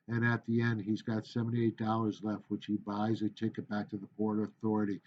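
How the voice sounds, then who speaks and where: A middle-aged man from the United States, a speech teacher giving a lively, jokey classroom lecture. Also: fairly low pitch, highs cut off, slight background noise. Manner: animated, chatty, jokey asides.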